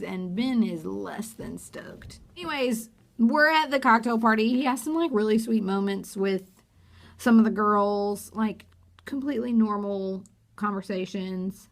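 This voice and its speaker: A woman's voice: mid-range voice, measured pace, gravelly. A woman giving a sarcastic, gossipy recap of a reality TV episode in a casual vlog. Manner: sarcastic, gossipy, acts out quotes.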